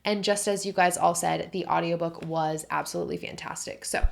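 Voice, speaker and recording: Gushing young woman with a gravelly voice. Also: fairly low pitch, a little fast. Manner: gushing, animated, filler-heavy. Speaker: book vlogger. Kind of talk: casual book review chat.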